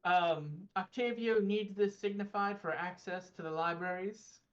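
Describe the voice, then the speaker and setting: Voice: mid-range voice, unhurried, lo-fi sound, lightly acted. A player voicing Octavio, a pompous young noble who gushes in an overly formal way. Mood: hurried.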